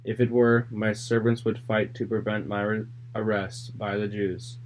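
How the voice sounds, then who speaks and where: A man reads the part of a calm male teacher who speaks plainly, in a lowish, steady voice. The reading is earnest and unhurried. A faint hum sits under it. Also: lightly acted, poor audio. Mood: solemn.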